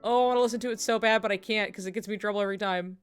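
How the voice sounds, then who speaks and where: A woman's voice: mid-range voice, steady tone, racing, soft background music. Rambling woman streamer telling a story. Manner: rambling, filler-heavy, breaks into laughter. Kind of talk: casual storytelling to stream chat. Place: home streaming setup while drawing.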